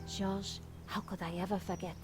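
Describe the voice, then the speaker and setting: An actress voicing a brisk, practical adult woman investigator in a video game. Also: medium pitch, flat delivery, over loud music, close to an everyday voice. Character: level-headed female investigator, adult.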